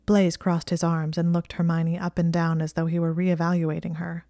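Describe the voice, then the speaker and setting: A woman reading a fan fiction story aloud as an audiobook, in calm, measured narration. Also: lowish voice, no echo, clean studio sound. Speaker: audiobook reader.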